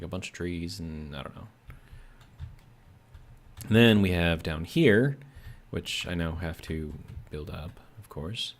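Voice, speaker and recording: A man streaming a building game, chatting casually, reading viewer comments aloud and musing as he plays. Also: low-pitched. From Georgia, USA.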